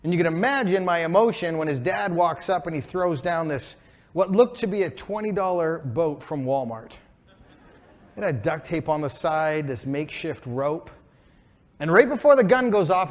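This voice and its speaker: Guy in his 40s doing a motivational keynote on stage, kinda high voice, gets emotional then fired up. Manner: emotional, building to excited peaks. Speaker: keynote speaker. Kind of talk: inspirational keynote storytelling. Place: stage before a live audience.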